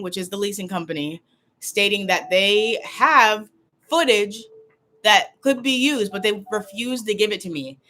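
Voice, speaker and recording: A woman's voice: medium pitch, fairly bright tone, a little hiss or hum. A woman vlogger talking casually and tearfully to a livestream, upset and rambling, often repeating herself.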